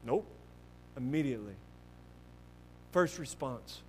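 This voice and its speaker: A man preaching a sermon earnestly and emphatically, with many restarts, swinging between loud stresses and hushed passages. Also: mid-range voice, lively intonation, slow, in a large hall, slight background noise. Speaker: pastor.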